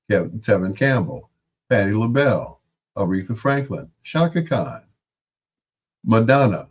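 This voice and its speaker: Slow, husky-voiced male radio host. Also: fairly low pitch, darkish tone. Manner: unhurried, rattles off long lists of names. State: out of breath. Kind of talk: casual late-night music show talk.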